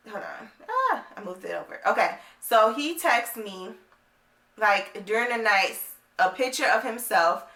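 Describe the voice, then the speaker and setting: A young woman tells a story straight to camera in a loose, chatty way, peppering it with "like" and "right?" as she reads out text messages. Her voice is bright and forward, and the room around her rings with a noticeable echo. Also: medium pitch. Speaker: vlogger. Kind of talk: casual storytime vlog. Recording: echoey room.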